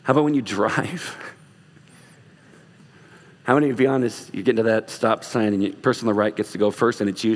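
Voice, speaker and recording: A man's voice: fairly low pitch, steady tone, fairly quick, long pauses, big-room sound. Earnest male pastor preaching, joking asides. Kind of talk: sermon and closing prayer. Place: church sanctuary.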